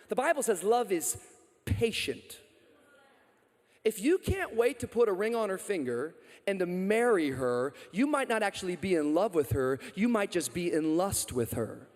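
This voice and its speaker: Brief: energetic male pastor, high voice, joking sermon, long hall reverb. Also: normal speed. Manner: energetic, joking, loud calls to the crowd.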